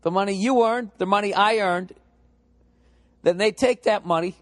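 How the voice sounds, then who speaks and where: Here a middle-aged comic from Boston vents profanely and with exasperation at a moderate pace. He's a bit high-voiced for a man, captured close and dry without any echo or room.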